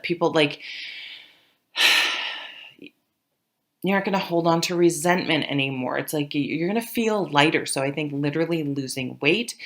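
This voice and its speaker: A woman's voice: low-pitched, fairly bright tone. A middle-aged woman giving a casual tarot reading to camera, rambling and often trailing off to restart her sentences. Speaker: tarot reader.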